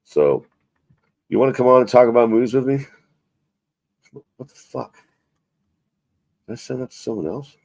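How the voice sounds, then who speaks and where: A man's voice: medium pitch, lively intonation, normal speed, gravelly, pauses often, darkish tone, no echo. A man hosting a casual live stream, rambling and swearing as he chats about movies. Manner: rambling, profane, self-mocking. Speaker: livestream host.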